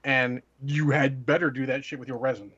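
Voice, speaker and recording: A man's voice: mid-range voice, steady tone, moderate pace, a bit bright, slightly rough. A man co-hosting a casual podcast, blunt and sarcastic, and he swears freely. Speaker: podcast co-host. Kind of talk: casual chat. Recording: dull lo-fi audio.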